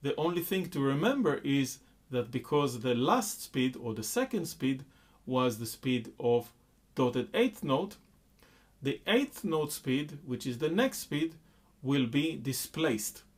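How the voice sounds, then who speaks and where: A man teaching a rhythm lesson at an unhurried pace. His voice rises and falls a lot as he explains, and he stops often to chant the syllables out loud. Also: mid-range voice, sing-song. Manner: slow, patient explaining, breaking into chanted syllables and claps. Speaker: music teacher.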